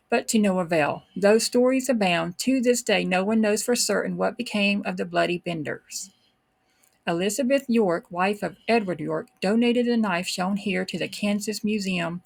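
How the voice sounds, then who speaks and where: A woman's voice: medium pitch, vocal fry. A woman hosting a true crime show, reading historical documents aloud and adding casual, unsure comments of her own. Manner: reads old texts then comments in an offhand, unsure way. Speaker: true crime podcast host.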